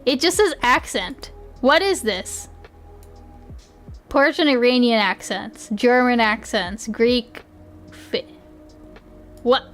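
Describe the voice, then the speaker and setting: High-pitched young woman streamer, giggly, rambly, keeps restarting sentences. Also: slow pace, long pauses, fairly bright tone, soft background music. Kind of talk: casual livestream chat.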